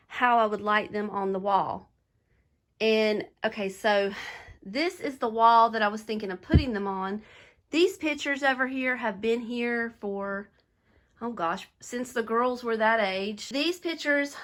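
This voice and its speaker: A middle-aged woman with a slightly high voice talks through her decorating project at home. She sounds a little out of breath and chats easily to her viewers as she works. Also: a bit bright. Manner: chatty, talking to viewers while working. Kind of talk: casual chat while decorating. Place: home bedroom.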